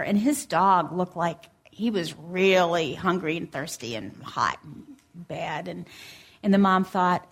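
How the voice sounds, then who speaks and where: A woman's voice: on the low side, measured pace. Earnest woman preaching a sermon. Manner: gentle, earnest storytelling with scripture reading. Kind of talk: sermon storytelling.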